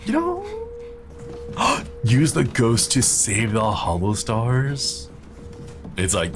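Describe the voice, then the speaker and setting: A man streaming a horror game, chatting casually in a rambling, jokey way and getting easily excited. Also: mid-range voice, slow, gravelly, over music. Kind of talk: casual gameplay commentary.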